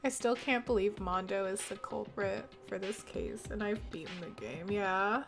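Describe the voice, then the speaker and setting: A woman's voice: medium pitch, moderate pace, gravelly, music in the background. A young woman streaming a game who is tearing up while she chats and apologises for her emotions. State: teary, fighting back tears. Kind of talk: casual live-stream chat.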